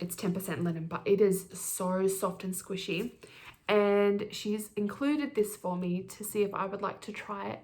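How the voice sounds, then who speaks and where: A middle-aged woman hosting her knitting podcast, chatting quickly and gushing as she unboxes yarn. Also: medium pitch. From Australia. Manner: gushing, fast-talking, giddy. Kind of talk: casual chat, yarn unboxing.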